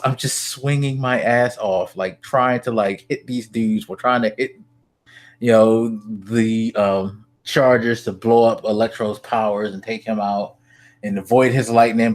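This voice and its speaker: Man, lowish voice, excited, swears a lot, casual gaming chat. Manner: excited, profane, lots of fillers. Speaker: podcast co-host.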